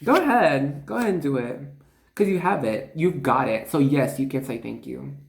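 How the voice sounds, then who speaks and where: A tarot reader giving a casual spiritual card reading, excitable and chatty, with lots of fillers and asides. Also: medium pitch, normal speed, gravelly. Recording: echoey room.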